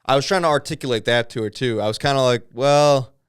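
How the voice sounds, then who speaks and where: A man's voice: mid-range voice, fast, clear, resonant tone, dry recording, clean studio sound. A young man co-hosting a comedy podcast, rambling and swearing in casual banter. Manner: rambling, animated, swears freely. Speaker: podcast co-host.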